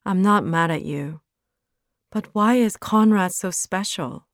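A woman voicing a gentle, hopeful teenage boy, speaking softly and earnestly in a storybook reading. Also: medium pitch, slow, no room sound, studio quality, lightly acted. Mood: hurt.

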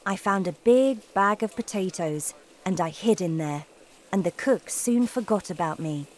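A woman reading a children's storybook aloud as narrator, with a slow, expressive delivery. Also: mid-range voice, slight background noise. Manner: slow, lively intonation.

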